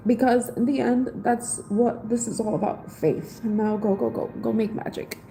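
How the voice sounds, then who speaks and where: Mellow woman giving a live tarot reading. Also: a little high, fairly even intonation, normal speed, gravelly, a little hiss or hum, low-quality recording. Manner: casual, heartfelt, spiritual encouragement; reads aloud from an oracle book, then explains in her own words. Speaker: tarot reader.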